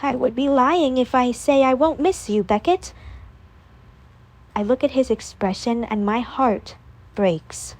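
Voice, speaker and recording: A woman's voice: high voice, unhurried, a little mellow. A woman voicing a grieving young woman rehearsing a farewell scene, in an earnest, pleading manner.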